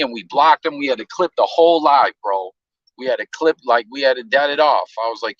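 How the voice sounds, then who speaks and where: A man's voice: mid-range voice, brisk, a bit bright, dry recording, dull audio. A man hosting a casual live stream, telling stories loosely with slang and profanity.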